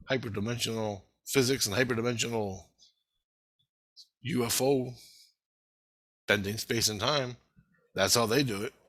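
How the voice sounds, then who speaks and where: A man rambling through a profane, animated story about his spiritual experiences. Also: mid-range voice.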